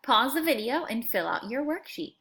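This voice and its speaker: A woman teaching a phonics lesson to young students, sounding out words slowly and clearly in a friendly, coaxing way. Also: fairly high pitch, sing-song, a bit bright. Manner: slow, clear, exaggerated sound-outs.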